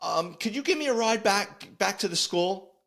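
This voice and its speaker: Shrill bossy school administrator, as a man puts her on. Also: lively intonation, moderate pace, creaky, fairly bright tone, full character voice. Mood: fussy insistent. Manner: whiny, insistent, rule-quoting. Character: fussy, bossy middle-aged female school administrator.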